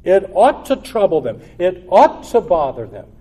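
A man preaching a sermon in an earnest, exhortative way, building to loud emphatic peaks and then dropping low and quiet. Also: huge pitch swings, measured pace, breathy edge.

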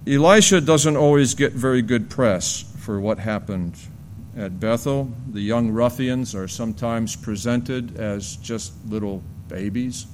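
A man preaching an earnest expository sermon in church, swinging from animated storytelling to a low, grave tone. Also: a little slow, a little hiss or hum.

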